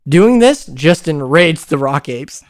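An American man hosting a casual paranormal podcast, telling stories in an animated way with frequent laughs. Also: a little high, slow. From United States. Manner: animated storyteller, laughs often, acts out quotes. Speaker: podcast host.

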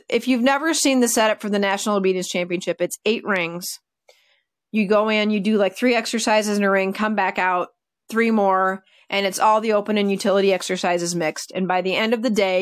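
A woman dog trainer telling stories in a casual podcast chat, animated and full of fillers. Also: mid-range voice, smooth, no echo, clean studio sound. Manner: chatty, animated, with many fillers like "like" and "you know".

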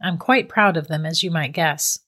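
A woman's voice: low-pitched, moderate pace. Woman reading as a cold, mocking witch. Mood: cool, teasing. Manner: calm, matter-of-fact and mocking. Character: cold, teasing middle-aged female witch captor. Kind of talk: storybook reading.

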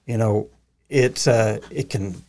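A man's voice: fairly low pitch, slow pace, gravelly, a little mellow. A man hosting a podcast, talking in a casual, earnest and reflective way. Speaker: podcast host. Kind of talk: casual conversation.

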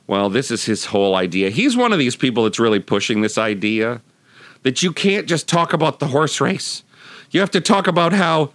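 Man, podcast host, mocking commentary, lively pitch, dry recording. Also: normal speed, no echo. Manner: sarcastic, mocking. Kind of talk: political media commentary.

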